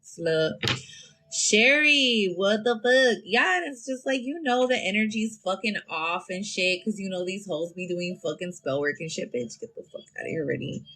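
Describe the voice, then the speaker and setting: A woman's voice: mid-range voice, expressive, normal speed, pushed and bright. Blunt, profane woman reading tarot live. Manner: profane, blunt, slangy and rambling. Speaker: tarot reader.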